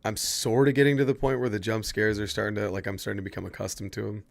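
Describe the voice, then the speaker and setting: Guy with a lowish voice streaming a spooky game, chatty and cussing, talking to chat. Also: little pitch movement, quick pace, vocal fry, dry recording. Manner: chatty, swears freely, talks to chat. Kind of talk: casual gameplay commentary.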